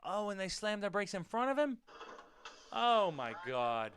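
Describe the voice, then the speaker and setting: A man hosting his own show, reacting to dash cam videos with loud swearing outbursts and quiet muttered asides. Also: high voice, sing-song, measured pace. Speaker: podcast host.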